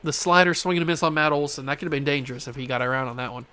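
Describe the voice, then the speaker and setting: Young male gaming creator, slightly high voice, running play-by-play on his own game, frustrated one moment and yelling the next. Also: very fast, clear, resonant tone. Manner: animated, swings from frustrated groans to excited shouts. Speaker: gaming YouTuber. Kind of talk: live commentary while playing a baseball video game.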